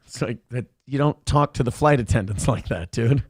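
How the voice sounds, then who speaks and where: A man's voice: mid-range voice, moderate pace, slightly rough, dry recording, clean studio sound. A man hosting a morning show, commenting sarcastically on a viral video and laughing at it.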